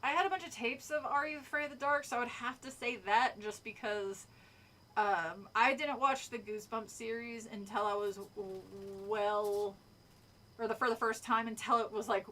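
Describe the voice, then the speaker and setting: A woman's voice: on the high side, moderate pace, a bit bright. A woman streamer reading a horror book aloud, stopping to chat, swear and laugh. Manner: chatty, swears, laughs often. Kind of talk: casual read-aloud with commentary. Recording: voice distant from the mic.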